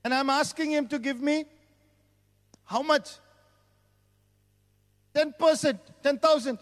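A man's voice: extremely high pitch, animated, measured pace, pauses often, fairly bright tone. A man with an Indian accent preaching a sermon as pastor, exclaiming hallelujah and praise the Lord between points. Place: church hall. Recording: long church hall reverb.

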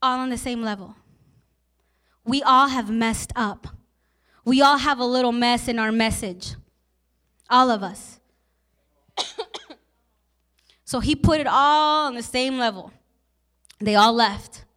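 A woman pastor preaching a sermon with passion, repeating lines and asking the listeners questions, at times turning soft and emotional. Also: fairly high pitch, slow pace, long pauses.

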